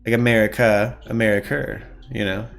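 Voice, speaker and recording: Guy cohost on a live stream, loose and sweary, laughs a lot, soft music behind him. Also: lowish voice, little pitch movement, normal speed, creaky. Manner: loose, profane, laughs often. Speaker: podcast co-host. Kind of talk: casual chat on a live news stream.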